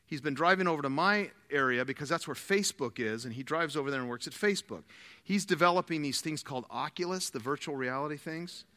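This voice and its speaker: A man preaching a sermon, telling stories with animated quoted dialogue. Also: a little high, fast talker, big-room sound. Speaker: pastor.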